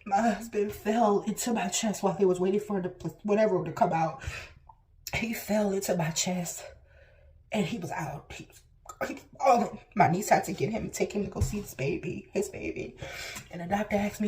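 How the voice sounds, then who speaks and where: Speaking to camera at a normal speed, a woman vlogger shares a personal story in a darkish tone. She gets emotional and sometimes tearful, acting out what people said with big pitch jumps in her voice.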